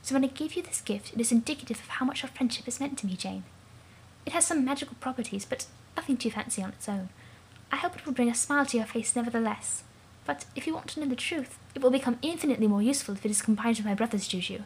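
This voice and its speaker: A woman voicing a gentle, shy female alien cherub girl in a soft, hushed, near-whispered voice with formal, polite wording. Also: fairly high pitch, lively intonation, fast talker, slight background noise. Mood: tender. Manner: polite, formal, a bit rambling.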